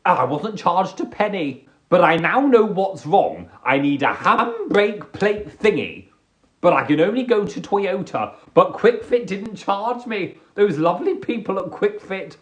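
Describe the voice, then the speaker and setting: Comic live-streamer, lively, slow-paced, joking rambles. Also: male voice, high voice. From England. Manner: animated, jokey, self-deprecating rambling. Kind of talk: casual comic monologue. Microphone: phone or webcam on a live stream.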